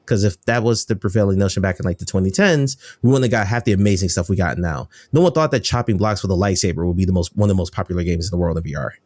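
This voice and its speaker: A man's voice: low voice, very fast, few pauses, a little mellow, dry recording. A man from the United States, a games journalist guest, chatting casually and enthusiastically on a podcast, rambling and correcting himself as he goes.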